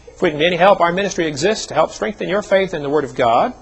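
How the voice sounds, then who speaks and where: A man's voice: on the high side, animated, rapid-fire, creaky, husky, low-quality recording. A middle-aged man preaching a seminar sermon, telling personal stories in a folksy way with joking asides. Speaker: evangelist speaker.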